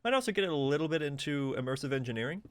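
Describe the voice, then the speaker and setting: Chatty, excitable male game streamer. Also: on the high side, very fast, smooth. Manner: chatty, laughs often, excitable reactions. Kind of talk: casual live gameplay commentary.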